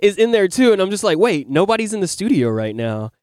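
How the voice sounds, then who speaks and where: Kinda high-voiced guy telling a story on his podcast, acts out the quotes, cusses a lot. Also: fast talker, clean tone, no room sound, clean studio sound. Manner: animated storyteller who acts out his own quoted lines, swears casually. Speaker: podcast host. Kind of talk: casual chat, telling a dream.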